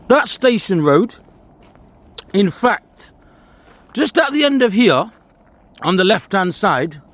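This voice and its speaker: A man giving casual walking commentary to camera outdoors, pointing out sights as he goes. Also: sits high. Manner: chatty, pointing things out while walking outdoors. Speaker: walking vlogger. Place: outdoors on a disused railway trail.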